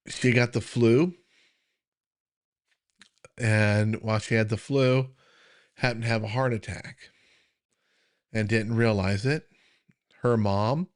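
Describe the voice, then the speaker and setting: A middle-aged American man hosting a live Q&A stream as a health coach, talking earnestly in a loose, conversational way with many fillers and restarts, and struggling to hold back emotion. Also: fairly low pitch. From United States. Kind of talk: casual live-stream chat.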